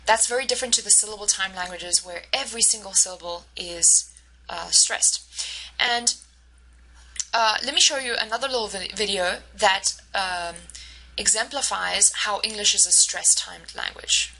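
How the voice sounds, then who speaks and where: A woman instructor giving a recorded lecture, explaining step by step and often pausing to search for words. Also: medium pitch, sharp tone, low-quality recording. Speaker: university instructor.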